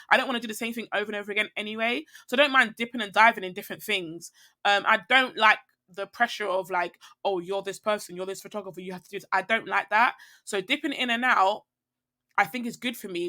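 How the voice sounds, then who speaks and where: Woman, podcast guest, rambling reflective talk, lots of fillers, crisp bright voice. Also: on the high side, fairly quick. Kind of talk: casual conversation.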